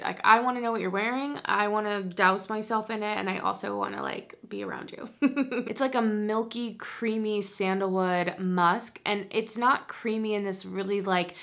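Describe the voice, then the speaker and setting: A woman's voice: medium pitch, a bit bright. A young woman reviewing fragrances in a chatty, gushing way, full of fillers and little laughs. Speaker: beauty and fragrance creator. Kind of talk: casual chat review.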